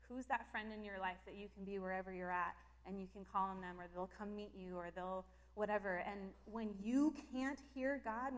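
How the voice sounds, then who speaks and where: A woman telling a personal faith story in a casual, emotional way, with lots of filler words. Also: mid-range voice. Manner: emotional and animated, lots of "like" fillers, breaks into laughter. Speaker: Christian speaker sharing personal testimony.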